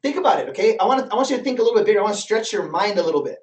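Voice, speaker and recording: A man races through a motivational business session in front of a live group, his high-pitched voice swinging widely as he fires questions at the room and repeats key points. The mic is set some distance away, and the meeting room echoes.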